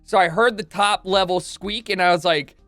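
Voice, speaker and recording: Young guy streamer ranting a funny story, swears a lot, kinda high voice, dry close mic, faint music behind. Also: moderate pace, no room sound. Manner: swearing, excitable, acts out quotes. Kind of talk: animated comedic storytelling.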